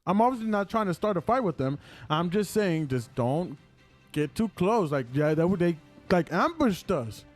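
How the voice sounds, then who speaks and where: A young man on a casual podcast recounts events in an animated rush, leaning on "like" as he goes. His voice sits a little high for a man, with faint music under the talk. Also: moderate pace. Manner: animated retelling, heavy use of "like". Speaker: podcast co-host. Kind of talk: casual chat.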